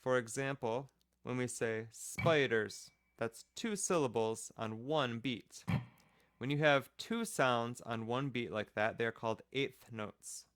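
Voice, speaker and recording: A man's voice: mid-range voice, takes it slowly, a bit bright, no echo, clean studio sound. A man teaching a children's music class, patiently explaining rhythm step by step and counting off the beat.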